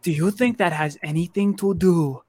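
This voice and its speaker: Male player with a high voice, stumbling and restarting, dry close sound. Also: moderate pace, mellow, dry recording. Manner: hesitant, repeats words. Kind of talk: casual tabletop game talk.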